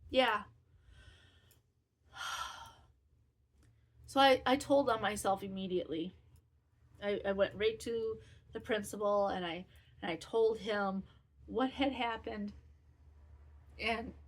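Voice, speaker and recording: A woman in her fifties hosts a knitting podcast, speaking at medium pitch, slowly and with frequent pauses. Her talk is casual personal chat, candid, self-critical and rambling.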